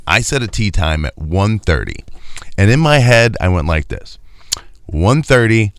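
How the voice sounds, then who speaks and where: A man's voice: low voice, moderate pace, clean tone, no room sound, studio quality. A man telling a profane comedic story in casual chat, acting out quoted lines. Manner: profane, animated, acts out quotes.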